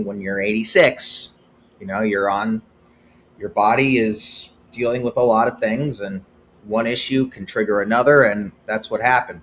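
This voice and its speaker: A man hosting his own podcast, giving opinionated solo commentary that swings from heated outbursts to hushed, sober stretches. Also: on the low side, a little hiss or hum. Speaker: podcast host.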